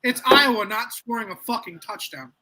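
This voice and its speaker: Brief: male co-host, bright ranting delivery, profane sports banter. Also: extremely high pitch, moderate pace, poor audio. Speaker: podcast co-host. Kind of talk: casual sports chat.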